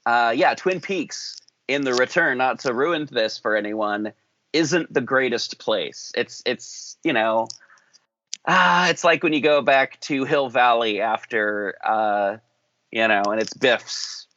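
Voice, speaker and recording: A man's voice: medium pitch, slow, pushed and bright, slight background noise. A man hosting a podcast in casual chat, thinking aloud in long rambling runs. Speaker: podcast host. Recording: dull lo-fi dry sound.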